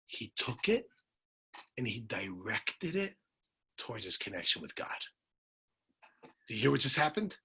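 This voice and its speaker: A man teaching a Torah class as a rabbi, animated and acting out voices, with Spanish words dropped in. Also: medium pitch, measured pace, pauses often, husky.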